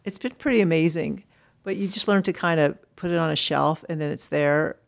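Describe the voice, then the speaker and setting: Middle-aged woman, guest artist, relaxed and reflective, a touch of vocal fry. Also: deep voice, fairly quick. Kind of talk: casual interview talk.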